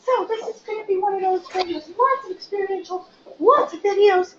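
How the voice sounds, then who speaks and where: A hoarse older woman with a very high voice leads a small classroom group, chatty and self-deprecating as she asks questions. Her voice bounces around an echoey room. The recording is dull and lo-fi, with a clear hiss of noise behind it. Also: moderate pace, distant mic. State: hoarse from coughing. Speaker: small-group facilitator, department chair.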